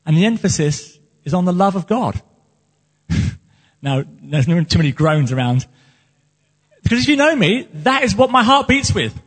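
A man's voice: high voice, big pitch swings, normal speed, long pauses, fairly bright tone. A man preaching as the pastor of his church, speaking earnestly and with passion about his calling. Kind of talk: sermon. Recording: long hall reverb.

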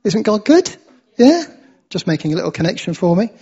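A man's voice: sits high, sing-song, brisk, warm tone, slightly rough. An English man giving a chatty sermon, often asking his listeners "yeah?" as he tells stories. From England. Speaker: preacher. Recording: dull lo-fi sound.

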